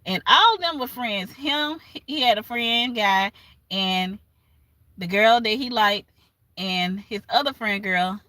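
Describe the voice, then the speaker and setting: Bright-voiced woman retelling a story. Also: a little high, no room sound. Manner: animated retelling with laughs and asides. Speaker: livestream host. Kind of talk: casual storytelling recap.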